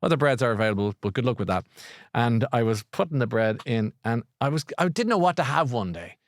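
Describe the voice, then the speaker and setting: Middle-aged Irish man, podcast host, rambling and chatty, mid-pitched, dry room. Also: expressive, dry recording. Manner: rambling, chatty, quick to laugh. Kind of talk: casual live chat.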